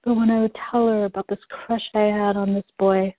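A middle-pitched woman, a client in a guided tapping session, softly and reflectively echoes phrases back. Her fairly quick speech has little pitch movement and comes over a thin, phone-like line that sounds dry and close.

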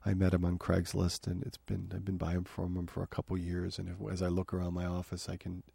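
A podcast host talks from his home office in a low, flat, gravelly voice. He rambles loosely through his thoughts. The sound is dark, husky and dry. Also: a little fast, no room sound. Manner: rambling, many fillers and restarts. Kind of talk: casual review talk.

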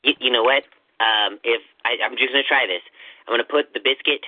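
A man hosting a comedy podcast in character as a ghost agent, rambling with halting restarts. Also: mid-range voice, husky, no echo. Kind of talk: comedic improv chat. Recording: dry tinny phone-like line.

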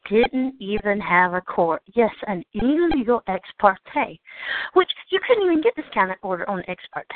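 A woman's voice: mid-range voice, dry recording. A woman from Georgia with a Southern accent, delivering an indignant, sarcastic rant and swearing freely. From Georgia, United States. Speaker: host of a call-in show. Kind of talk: angry monologue. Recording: tinny phone line.

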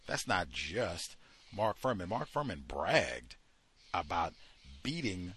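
Husky-voiced man reading and commenting. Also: lowish voice, fairly bright tone. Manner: reads aloud then breaks off into heated commentary; frequent hesitant fillers while searching the text. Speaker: host reading and commenting on a book. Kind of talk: study session commentary.

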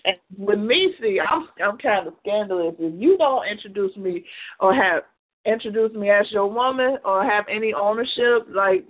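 A woman's voice: mid-range voice, moderate pace. A woman co-hosting a radio talk show, chatting casually in slang and laughing often. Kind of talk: casual chat. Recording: tinny phone-like sound.

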